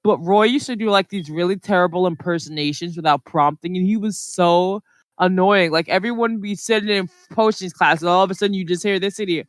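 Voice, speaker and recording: Co-host, casual podcast chat, smooth clear voice, dry close sound, rambly with lots of "like" and "um". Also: mid-range voice, brisk, dry recording. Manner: rambling, filler-heavy storytelling.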